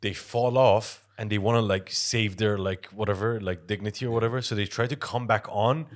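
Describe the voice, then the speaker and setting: A man's voice: lowish voice, fairly even intonation, normal speed. A man co-hosting a podcast in casual chat, explaining things with examples and plenty of swearing. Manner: loose, profane, explains with examples. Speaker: podcast co-host.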